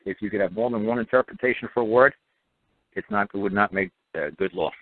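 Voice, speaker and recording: A man's voice: mid-range voice, very animated, fast, creaky, no room sound. A man hosting a call-in radio talk show, talking bluntly and emphatically, repeating himself and throwing in mocking asides. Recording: phone-line audio, dry.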